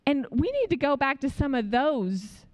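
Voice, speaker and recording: High-voiced woman telling a testimony. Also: moderate pace. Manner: animated storytelling, acting out the other people's lines; frequent "like" fillers. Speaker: speaker sharing a testimony. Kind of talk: conversational preaching.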